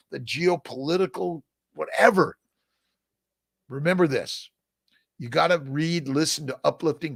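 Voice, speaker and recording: An older man with a fairly high, gravelly voice, answering viewer comments on a casual live stream. He talks in an upbeat, encouraging, folksy way, often asking "right?". The sound is close and dry. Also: no echo. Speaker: host answering viewer questions.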